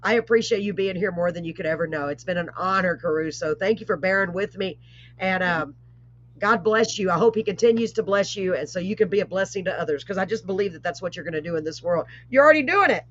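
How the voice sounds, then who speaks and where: A woman hosting a live online show, chatting casually with rambling asides and warm blessings. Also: fairly low pitch, fast, a little hiss or hum. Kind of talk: casual live-stream chat. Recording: dull lo-fi stream audio.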